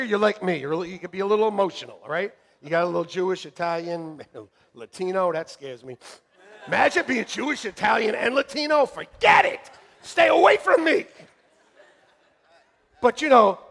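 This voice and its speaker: Animated high-voiced preaching man. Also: normal speed, vocal fry, long pauses. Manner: animated, jokey, swings from shouting to hushed. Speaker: pastor. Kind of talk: sermon. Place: church sanctuary.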